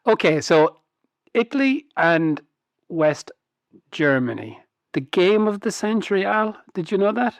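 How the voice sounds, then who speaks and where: A man's voice: high-pitched, very animated, a little slow, creaky, no echo. A man co-hosting a podcast in casual chat, amused and often laughing as he teases his co-host with questions.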